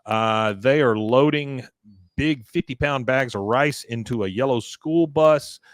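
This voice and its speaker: A man's voice: mid-range voice, unhurried, dry recording. A man hosting a podcast, casually retelling a cartoon episode scene by scene, with many filler sounds. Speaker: podcast host.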